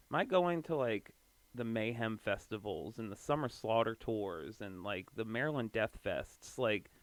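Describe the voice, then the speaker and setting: A man's voice: on the low side, fairly bright tone, clean tone, dry recording. A young man hosting his own podcast, rambling casually about music with lots of swearing, fillers and restarts. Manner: loose and profane, full of fillers and restarts. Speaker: podcast host.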